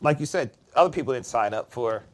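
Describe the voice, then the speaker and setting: A man hosting a podcast in relaxed casual chat, often checking in with the listener. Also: medium pitch, a little fast. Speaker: podcast host.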